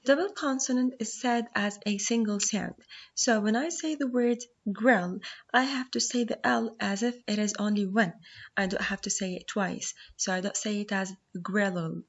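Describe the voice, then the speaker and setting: A woman whose first language is Arabic, teaching a phonics lesson, explaining slowly and sounding out words syllable by syllable. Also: mid-range voice, highs cut off.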